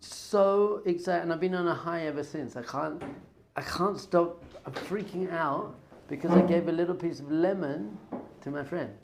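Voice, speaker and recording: A middle-aged man, a rabbi, telling a story with excitement, his voice swinging from loud enthusiasm to hushed awe. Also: a little high, normal speed, creaky, background noise. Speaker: rabbi and teacher.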